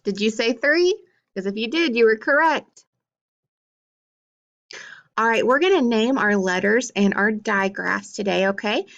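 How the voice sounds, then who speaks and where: A woman teacher giving a phonics lesson to young children, encouraging them with questions and praise and drawing out words slowly. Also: mid-range voice, fairly bright tone, dull audio. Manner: draws out words slowly for syllable clapping.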